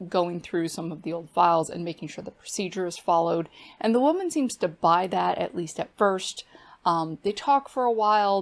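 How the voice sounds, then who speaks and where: Chatty woman recapping a book plot. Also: lowish voice. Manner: chatty, filler-heavy retelling. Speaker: book reviewer.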